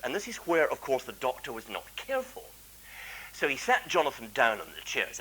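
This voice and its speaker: Lively clergyman telling a story. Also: medium pitch, fairly quick, husky, rough recording. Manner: chatty, self-deprecating, many asides. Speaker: clergyman lecturer. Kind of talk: anecdotal public lecture.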